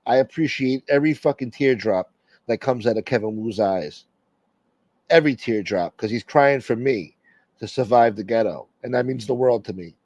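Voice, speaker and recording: A man's voice: medium pitch, normal speed, darkish tone, no room sound, muffled recording. A man hosting a casual livestream, joking brashly with viewers and swearing freely. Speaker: livestream host.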